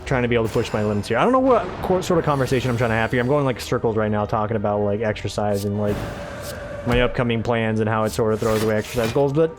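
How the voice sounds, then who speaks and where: A man's voice: on the low side, racing, background noise. A man casually commentating his own game playthrough, rambling, tripping over his words and swearing offhandedly. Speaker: let's play host.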